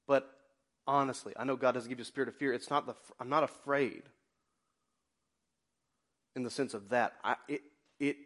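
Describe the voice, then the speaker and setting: A man preaching as pastor in a church, passionate, swinging between loud exclamations and quiet confessions. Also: mid-range voice, steady tone, normal speed, pauses often. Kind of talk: sermon. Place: church sanctuary.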